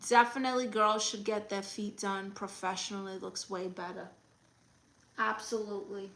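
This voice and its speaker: A woman hosting a comedy livestream as an advice-giving aunt, chatting casually with a sassy, teasing manner and reading comments out loud. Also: medium pitch, fairly even intonation, moderate pace, low-quality recording. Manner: coos baby talk at her dog.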